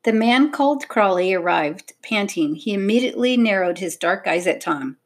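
A woman narrating a children's audiobook in an expressive, measured storytelling manner. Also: mid-range voice.

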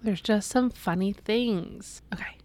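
A woman's voice: medium pitch, a little slow, a little mellow, no echo. A woman in her thirties chatting casually and reading funny posts aloud, laughing often. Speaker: co-host.

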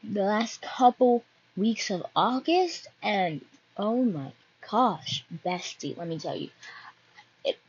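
A woman's voice: medium pitch, animated, slow, a little mellow, slightly rough, muffled recording. A young woman hosting her own podcast, chatting casually and rambling from one topic to the next. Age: young adult. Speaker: podcast host.

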